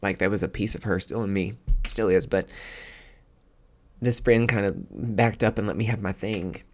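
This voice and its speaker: A man's voice: fairly low pitch, steady tone, moderate pace. A man hosting a podcast, telling a personal story in a candid, casual way that grows emotional. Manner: candid, emotional, given to filler words and restarts. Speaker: podcast host.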